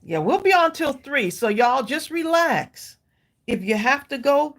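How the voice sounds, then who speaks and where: A woman's voice: high voice, big pitch swings, measured pace, fairly bright tone. Female host, chatty and easygoing, talking to viewers while she crafts. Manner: chatty, laughs often, talks to viewers as y'all. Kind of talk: casual livestream chat while crafting.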